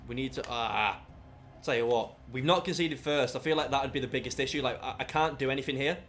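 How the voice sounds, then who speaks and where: A young man commentating his own football video game, muttering through play and erupting into shouts at goals. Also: mid-range voice, fast talker. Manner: excitable, bursts into shouts after goals. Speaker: gaming YouTuber.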